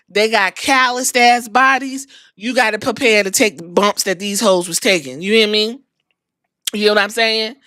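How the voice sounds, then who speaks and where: A bright, forceful woman's voice, a little higher than most, telling a wrestling story with lots of swearing and slang. She talks like she's chatting with friends, acting out every moment. The sound is dry and close, with no room around it. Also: smooth, no echo. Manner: animated, profane storytelling with slang. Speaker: podcast host. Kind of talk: casual wrestling recap.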